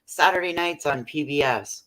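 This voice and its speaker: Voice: mid-range voice, moderate pace, sharp tone. A speaker chiming into a casual live chat in a matter-of-fact way.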